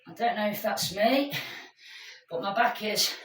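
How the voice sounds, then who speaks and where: A woman coaching a workout class in an unhurried, chatty way, calling everyone guys. Her voice sits at a middle pitch and carries a roomy echo from a mic set back from her, with faint ambience underneath. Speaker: fitness instructor. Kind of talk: live workout class instruction. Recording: echoey room, mic at a distance.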